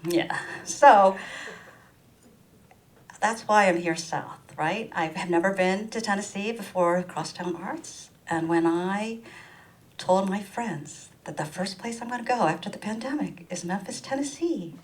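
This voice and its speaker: A woman from Ohio performing stand-up storytelling in a small arts venue, playful and animated, slipping into the voices of the people she quotes. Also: a little slow. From Ohio, USA. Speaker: comedian. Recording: distant mic with faint rumble.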